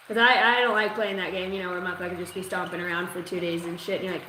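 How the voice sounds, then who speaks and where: A woman's voice: lowish voice, fairly even intonation, fast, hardly any pauses, pushed and bright. A woman giving a livestreamed psychic oracle reading, talking casually and profanely, rambling with lots of fillers. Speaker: psychic reader. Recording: echoey room with faint ambient noise.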